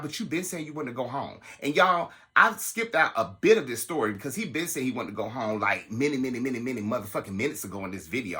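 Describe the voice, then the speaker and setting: A man telling a personal story to his viewers in a casual, animated and profane way. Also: medium pitch. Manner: animated, profane, dramatic retelling.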